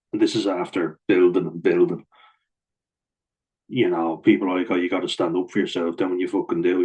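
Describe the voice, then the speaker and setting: A man's voice: low voice, a little mellow, poor audio. An Irish man telling a story straight to camera, blunt and venting, with heavy swearing. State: wearing a blood-pressure cuff. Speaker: vlogger.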